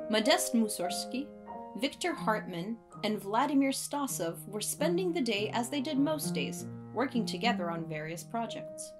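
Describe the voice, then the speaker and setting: A woman reading a picture-book story aloud in an expressive, varied way. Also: mid-range voice. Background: piano music.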